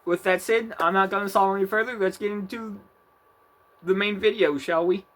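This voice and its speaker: A man's voice: high-pitched, fairly even intonation, moderate pace, a bit bright. A man giving casual, rambling commentary over his own gameplay, swearing freely and often breaking off to restart his sentences. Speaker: gaming video creator.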